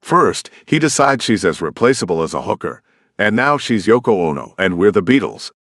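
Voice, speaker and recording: A man reads a first-person romance audiobook, telling it like a conversation. His voice sits low but moves through wide, lively swings in pitch. The sound is close and dry, with no room around it. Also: normal speed, dry recording. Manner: expressive, conversational storytelling. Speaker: audiobook narrator.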